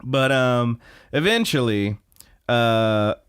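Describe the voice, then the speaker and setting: Excitable man laughing through an anime recap. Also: mid-range voice, takes it slowly, clear, resonant tone. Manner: excited, laughing, swearing, lots of "like" and "uh". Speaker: podcast co-host. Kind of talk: casual podcast chat recapping an anime.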